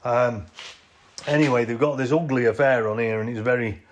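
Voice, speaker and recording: A vehicle owner records a hands-on how-to vlog next to his lifted off-roader, holding the camera himself and explaining his work in a rambling, self-correcting way. He speaks mid-range at a moderate pace; the audio is dull, with a little hiss or hum.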